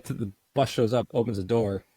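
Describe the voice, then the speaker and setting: An American man co-hosting a podcast, telling a long story in a rambling, animated way, full of "I was like". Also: mid-range voice, moderate pace, slightly rough, no room sound. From United States. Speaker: podcast co-host. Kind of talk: casual storytelling chat.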